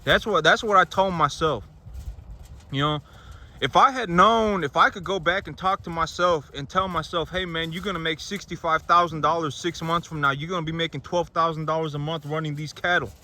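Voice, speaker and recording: A man's voice: on the high side, a little fast, pushed and bright. A man, a farmer, talking casually to the camera outdoors on his farm, rambling and restarting his sentences. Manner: rambling, repeats himself, restarts often. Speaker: farmer and vlogger.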